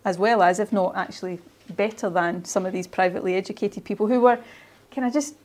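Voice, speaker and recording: A woman's voice: mid-range voice, fairly even intonation, a little fast, a little mellow. A Scottish woman in her forties talks in a mid-range voice. Her tone is earnest and encouraging, and she often restarts a phrase as she urges young players to keep going. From Ayrshire, Scotland. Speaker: guest speaker. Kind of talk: motivational talk to young players.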